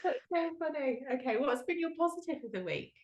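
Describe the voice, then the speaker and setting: A woman's voice: high-pitched, lively intonation, a little fast, echoey room. A woman co-hosting a podcast in casual chat, telling a story with giggles and plenty of fillers. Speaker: podcast co-host.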